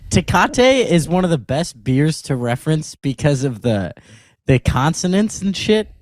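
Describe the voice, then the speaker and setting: A man's voice: a little high, very animated, measured pace, no room sound, clean studio sound. A man co-hosting a podcast in casual chat, bantering and laughing often. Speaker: podcast co-host.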